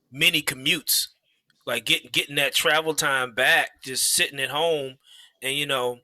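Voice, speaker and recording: A man in his thirties, a father telling a story in a relaxed way during a casual podcast chat, with lots of fillers and restarts. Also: mid-range voice, no room sound.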